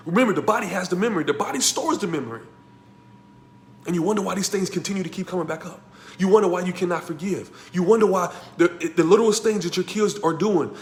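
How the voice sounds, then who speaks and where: Male motivational coach in an echoey room, emphatic and repetitive, shifts between hushed tones and loud bursts. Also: fairly high pitch, vocal fry. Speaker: life coach teaching a masterclass. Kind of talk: motivational class talk.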